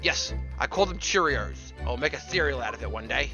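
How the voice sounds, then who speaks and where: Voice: mid-range voice, animated, fairly quick, music in the background. A streamer commenting on a game playthrough with profane, joking asides.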